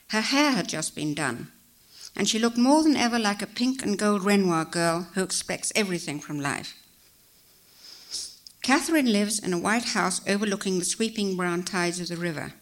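A woman reading a story aloud as narrator, in a measured, expressive way. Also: medium pitch.

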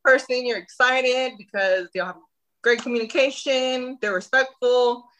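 A woman's voice: fairly high pitch, a little slow, rough recording. A woman, telling a personal story in a casual interview and acting out the dialogue. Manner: animated, acts out quoted dialogue. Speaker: guest.

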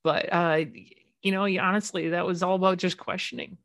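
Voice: mid-range voice, level tone, fairly quick, fairly bright tone, no echo, studio quality. A podcast co-host reacting and chatting casually, with supportive comments and trailing restarts. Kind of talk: casual chat.

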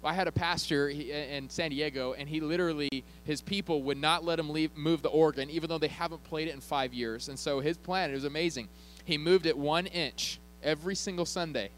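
A man's voice: fairly high pitch, fairly quick, slight background noise, rough recording. Joking, conversational male pastor preaching. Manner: conversational, joking, checks in with the congregation. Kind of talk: sermon. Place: church.

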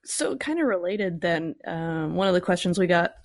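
A woman's voice: lowish voice, expressive, normal speed. A woman hosting a podcast in casual conversation, easygoing, with short replies and frequent laughter. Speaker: podcast host.

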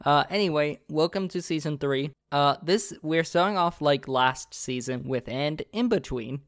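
A man's voice: fairly high pitch, moderate pace, fairly bright tone, no room sound, studio quality. A young man as game master, narrating a tabletop game in a loose, casual way, with fillers and restarts.

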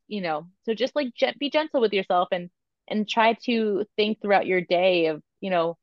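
A woman's voice: mid-range voice, normal speed, no room sound. Woman guest, candid chatty interview talk, muffled lo-fi sound, dry room. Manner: animated, chatty, lots of filler words. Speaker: podcast guest, photographer and coach.

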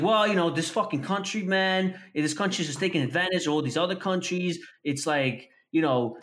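A man with a slightly raised voice tells a story on a podcast, swearing often. He jumps between his own lines and the other person's. The talk is loose and animated. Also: a little high. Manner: profane, animated storytelling, acts out quoted conversations. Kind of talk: casual podcast chat.

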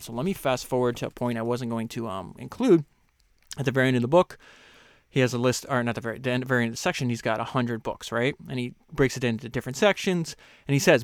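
A man's voice: mid-range voice, clear, resonant tone, no room sound. Man reading and commenting on a book, dry sound. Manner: reads quotes slower and louder, chats loosely with fillers and restarts. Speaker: podcast host. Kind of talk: casual book commentary with read-aloud passages.

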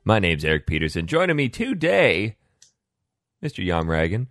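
A man in his thirties hosting a podcast in casual chat, jokey and quick to tell a story. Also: sits low, wildly swooping pitch, a bit bright, faint music behind. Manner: jokey, storytelling, laughs easily. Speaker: podcast host.

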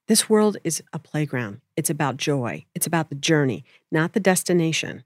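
Woman sharing a spiritual story, gentle and reflective, dry close mic. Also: low voice, lively intonation, normal speed, dry recording. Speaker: spiritual speaker. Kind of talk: casual storytelling chat.

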